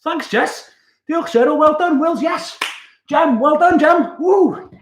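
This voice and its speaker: A man's voice: very high voice, slow, echoey room, slight background noise. A man, a youth worker chatting casually and cheerfully on a livestream, laughing often. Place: room at home.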